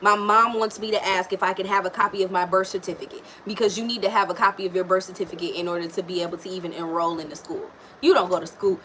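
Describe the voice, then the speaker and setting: A woman's voice: on the low side, fairly even intonation, fast talker, few pauses, noisy background. Frank, salty-tongued woman tarot reader. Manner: frank, profane and chatty, talking straight to a viewer. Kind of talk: casual live tarot reading.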